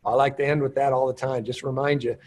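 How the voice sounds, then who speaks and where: A man's voice: medium pitch, little pitch movement, quick pace, darkish tone. A man giving a casual, encouraging training talk to newcomers, chatty and self-deprecating. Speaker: business trainer.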